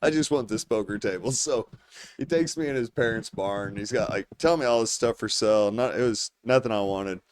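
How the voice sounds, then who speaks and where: A man's voice: on the low side, a little fast, smooth. A man of about forty hosts a podcast and spins a rambling, casual story. His speech is loose and profane, and laughter breaks through as he tells it. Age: 40s. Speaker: podcast host.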